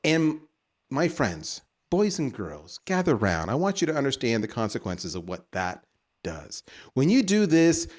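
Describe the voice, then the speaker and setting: A man's voice: medium pitch, wildly swooping pitch, measured pace, darkish tone. A man with a Canadian accent hosting a podcast, delivering a theatrical, teasing rant that builds to punchlines. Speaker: podcast host. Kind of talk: ranting podcast monologue.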